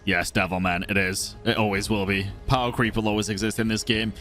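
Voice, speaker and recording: A man's voice: fairly low pitch, level tone, a little fast, sharp tone. Joking, rambling male streamer. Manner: joking, swears casually, rambling. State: munching on snacks. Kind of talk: casual reaction commentary over gameplay. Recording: talking over game audio with music.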